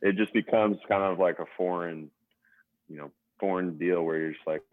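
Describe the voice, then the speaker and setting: A young adult man, a former pro basketball player, telling stories as a guest in a relaxed casual podcast interview, over a tinny phone-like line. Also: low-pitched, normal speed, no room sound. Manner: relaxed storytelling with fillers.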